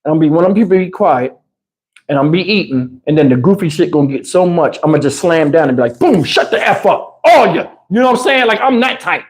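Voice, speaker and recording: A man telling a comic story on a livestream in an animated, emphatic, slangy way, with lots of cursing, into a lapel mic. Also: fairly high pitch, racing. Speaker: livestream host. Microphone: wireless lapel mic.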